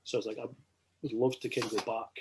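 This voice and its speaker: A man with a Scottish accent, swearing freely as he tells animated anecdotes in a casual podcast chat. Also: mid-range voice, rapid-fire, background noise.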